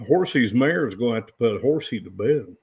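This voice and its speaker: A man's voice: mid-range voice, animated, normal speed, a little mellow, slightly rough. Joking man co-hosting a livestream. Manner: joking, playful asides. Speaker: homestead channel co-host. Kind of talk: casual livestream chat.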